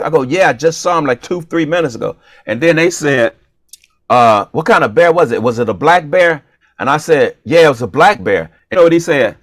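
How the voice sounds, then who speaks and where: A man's voice: medium pitch, moderate pace, no echo, clean studio sound. A man co-hosting a talk show, telling a funny story in a casual, playful way and acting out the dialogue. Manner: animated, playful, acts out dialogue. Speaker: comedian and show co-host.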